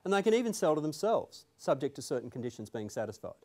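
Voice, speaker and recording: A man's voice: fairly high pitch, very animated, quick pace, darkish tone. A man presenting a legal seminar to an audience in a room, talking conversationally with emphatic asides.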